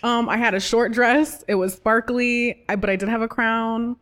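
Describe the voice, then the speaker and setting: A woman from the United States, an actress talking as a guest in a casual interview, animated and playful and quick to laugh. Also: a little high.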